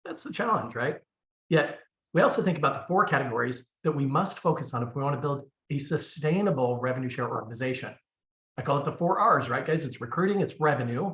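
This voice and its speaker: Energetic male coach, echoey room. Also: mid-range voice. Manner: energetic coach, pep-talk delivery. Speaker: coaching call host. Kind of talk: video call interview.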